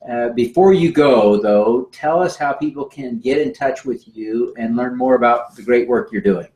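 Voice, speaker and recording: Male host, even mid pitch, recorded in an echoey room, closing out an interview. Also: normal speed.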